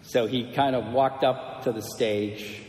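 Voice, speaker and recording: A male priest delivers a sermon with an unhurried, deliberate pace, letting each phrase settle. His voice sits at an ordinary middle pitch. The sound carries a long, ringing church reverb around it. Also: steady tone, a little mellow, slight background noise. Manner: slow, measured storytelling delivery.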